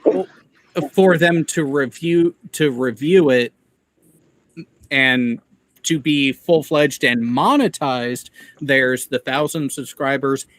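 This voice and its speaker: A man's voice: medium pitch, slow pace, a bit bright, no echo. A man from the Midwest hosting a casual commentary chat, explaining things in a wry, playfully mocking way. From Midwest United States. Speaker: commentary show host.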